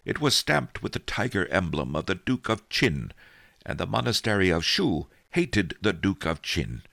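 A man's voice: low-pitched, big pitch swings, moderate pace, creaky, fairly bright tone, no room sound, studio quality, exaggerated voice. A man reading an audiobook, voicing a wily old male storyteller who tells his tale wryly. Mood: wry storytelling. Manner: wry, sly storytelling. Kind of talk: audiobook character voice.

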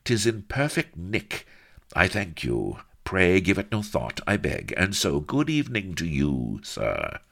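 A man's voice: extremely low pitch, animated, a little slow, creaky, fairly bright tone, full character voice. A man voicing a hot-tempered male pirate captain in disguise who sounds flustered and archly formal.

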